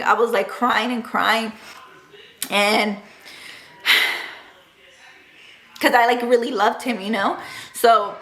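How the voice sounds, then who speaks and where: A young woman tells a personal story straight to camera in a loose, chatty way, peppering every phrase with "like" and "dude". Her voice sits a little high, and her feelings run close to the surface. The room around her rings with a noticeable echo. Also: sharp tone. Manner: chatty, full of "like" and "dude", emotional. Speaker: vlogger. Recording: roomy echo.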